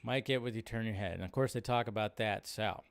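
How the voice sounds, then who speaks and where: A man's voice: lowish voice, quick pace, creaky, very noisy. A man hosting a live show, chatting loosely through casual reaction commentary. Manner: chatty, rambling, loose fillers.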